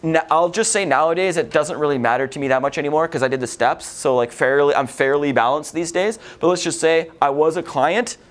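A man's voice: a little high, fairly quick, hardly any pauses. Vulgar, rambling man giving a lecture. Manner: swears a lot, vulgar, rambling. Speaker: addiction recovery lecturer. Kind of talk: casual lecture to a group.

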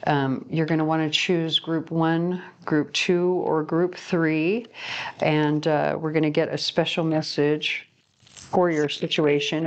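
A woman giving a casual, rambling tarot reading to camera, chatty and quick to laugh at herself. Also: low voice, lo-fi sound. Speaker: tarot reader.

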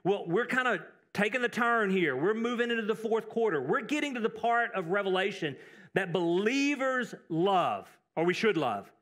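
A man from Texas preaching a sermon as pastor, animated, breaking into asides and calling out scripture with energy. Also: high-pitched, moderate pace. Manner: animated, exclaims scripture loudly, frequent asides and restarts. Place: church sanctuary.

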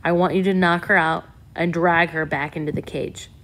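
A woman's voice: fairly low pitch, steady tone, moderate pace, fairly bright tone, close to an everyday voice. A woman voicing a commanding, urgent male ship leader in an audiobook, speaking in clipped orders.

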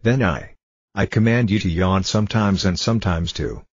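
Pompous old king, commanding but kindly, read by a man in a very low, husky voice; dry, dull sound. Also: moderate pace, dry recording.

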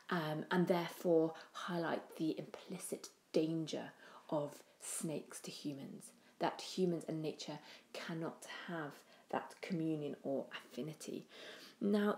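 Woman teaching a poem, lowish voice, thoughtful, restarts, trailing off softly. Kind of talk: poetry analysis lesson.

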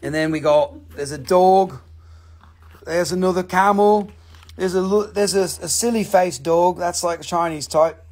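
A man's voice: high voice, a little slow, darkish tone. A man hosting a casual live sale, rambling and joking, swearing freely as he shows his pieces. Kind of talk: casual live sales stream.

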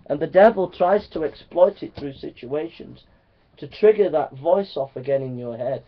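Male preacher, higher voice, earnest, repetitive build-ups, dull lo-fi recording. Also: lively intonation, normal speed. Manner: earnest, repetitive, swinging from loud to hushed. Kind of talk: sermon to preachers.

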